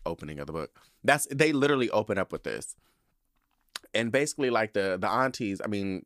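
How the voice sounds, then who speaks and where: A young man talks casually on his podcast in a lowish voice. He is sassy and animated, swears freely, and the recording is dry with no room sound. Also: no room sound. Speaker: podcast host. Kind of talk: casual chat.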